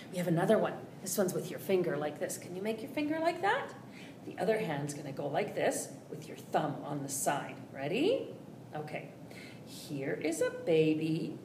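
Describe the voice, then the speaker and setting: A woman's voice: on the low side, sing-song, moderate pace, distant mic. Sing-song woman leading children's story time. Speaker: children's librarian. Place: library room. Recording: roomy echo, faint noise.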